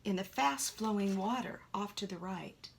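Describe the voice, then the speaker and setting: Woman narrator for a kids' storybook, animated delivery with hushed asides. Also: medium pitch, moderate pace, creaky, a little hiss or hum. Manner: animated, with soft whispered asides. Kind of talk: children's story reading.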